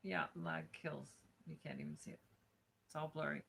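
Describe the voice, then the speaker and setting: Woman, streamer, casual chat, frustrated, swearing, gravelly fry, bright tone. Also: low voice, fairly even intonation, normal speed. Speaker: streamer reading books aloud.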